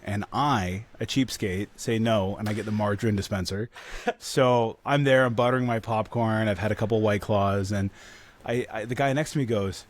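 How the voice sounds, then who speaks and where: A man with a fairly low voice rambles through a funny story on a casual podcast. He chuckles at his own punchlines and talks loosely, with plenty of restarts. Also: fairly quick. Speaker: podcast co-host. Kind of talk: casual chat, comic anecdote.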